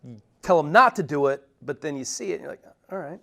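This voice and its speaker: A man's voice: a little high, lively intonation, fast, vocal fry, a bit bright. A man hosting a podcast interview, chatty and affirming, asking long winding questions.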